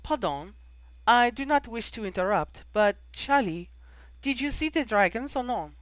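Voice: mid-range voice, animated, moderate pace, a bit bright, dry recording, pitched above the performer's own voice, natural voice. A reader voicing a haughty, imperious young woman who speaks in formal, clipped phrases.

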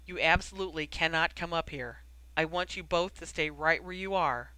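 Harried official in a storybook reading, brisk grumbling delivery, bright crisp voice, as a reader acts him out. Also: medium pitch, no room sound, lightly acted, poor audio. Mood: weary, wry. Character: weary, harried middle-aged wizard official.

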